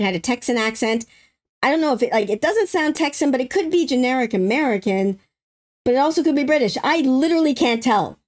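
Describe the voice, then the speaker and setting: Excitable woman breaking down a trailer. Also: on the high side. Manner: excitable, squeals and laughs when thrilled. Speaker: YouTube host. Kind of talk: casual trailer breakdown commentary.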